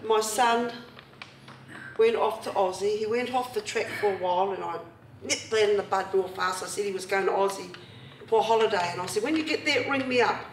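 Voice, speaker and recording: A middle-aged woman with a New Zealand accent, telling personal stories to a community gathering in a chatty, lively way with frequent laughter. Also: medium pitch, fairly quick, a little hiss or hum. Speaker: speaker at a community event. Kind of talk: personal storytelling talk. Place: meeting hall at a marae, indoors. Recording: echoey hall, voice far from the mic.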